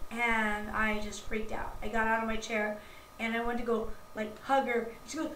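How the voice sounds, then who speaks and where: A woman's voice: fairly high pitch, little pitch movement, moderate pace, fairly bright tone, far from the mic. A woman vlogging at home, telling a rambling, gushing anecdote full of fillers and restarts. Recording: roomy, off-mic, faint background noise.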